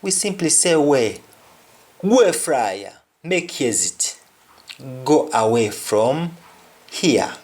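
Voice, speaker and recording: Man, Jamaican accent, unhurried teaching delivery, repeats key words, lesson. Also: on the high side, big pitch swings, darkish tone. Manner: deliberate, repeats example words. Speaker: language teacher. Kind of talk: language lesson.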